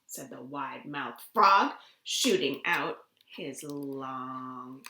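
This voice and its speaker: A woman librarian reading a picture book aloud to children from her home, gentle and expressive, with little gasps. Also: rumbling low, drawn-out words. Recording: roomy home room recording.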